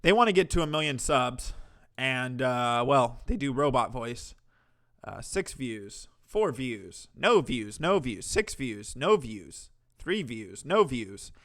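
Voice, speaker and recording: A man's voice: medium pitch, very animated, takes it slowly. A man hosting a live stream, reacting to clips and chatting with viewers in a sarcastic, profane way. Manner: bursts into loud laughter and yelling. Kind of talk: casual live-stream commentary.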